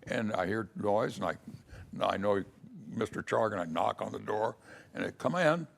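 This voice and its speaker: A man's voice: on the low side, normal speed, gravelly. An older man recalling his early years as a lawyer in a casual, storytelling way. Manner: storytelling, acts out quoted voices. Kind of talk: casual spoken memoir.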